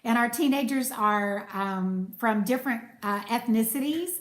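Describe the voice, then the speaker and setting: A woman's voice: on the high side, a little slow. A woman, chatting casually on a live stream and thanking viewers as she reads their comments. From United States. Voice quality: soothing voice. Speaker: cooking channel host. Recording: echoey room.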